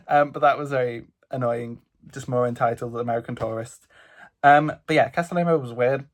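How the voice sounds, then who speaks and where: A man's voice: medium pitch, moderate pace. Chatty British guy recapping travels. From England. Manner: chatty, animated storytelling with lots of "like". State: stuffy nose. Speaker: vlogger. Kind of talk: casual travel vlog recap.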